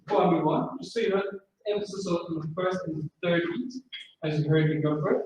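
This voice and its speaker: A man with a high voice teaches a drumming masterclass, counting the beats out loud as he explains each rhythm. He is recorded from far off in a very echoey room, with faint noise behind him. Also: fast. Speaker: drumming instructor. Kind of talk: masterclass lecture.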